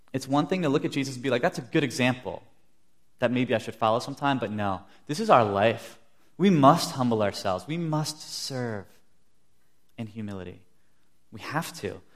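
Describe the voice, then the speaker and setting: Young male preacher, earnest sermon delivery, mid-pitched voice, vivid storyteller. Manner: earnest, storytelling with acted-out quotes.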